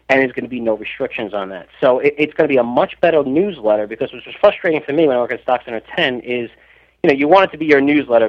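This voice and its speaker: A man's voice: mid-range voice, muffled recording. A man talking about stocks as a podcast guest, rambling with many restarts and fillers. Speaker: stock newsletter writer, guest. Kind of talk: casual podcast chat.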